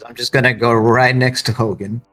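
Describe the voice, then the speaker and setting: Husky-voiced laid-back male player. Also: medium pitch, steady tone, fairly quick, pushed and bright, soft background music. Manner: laid-back, repeats himself. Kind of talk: tabletop role-play chat.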